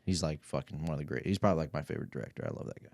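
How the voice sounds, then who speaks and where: Podcast guest: young man, very low voice, loose rambling delivery with lots of swearing. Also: rapid-fire, gravelly, darkish tone, no room sound. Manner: rambling, profane, laughs through stories. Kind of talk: casual chat.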